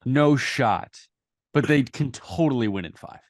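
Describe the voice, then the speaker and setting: A man co-hosts a casual sports podcast, speaking a little slowly in a mid-range voice with lively intonation on a close mic in a dry recording. He's loose, sarcastic, and swears freely.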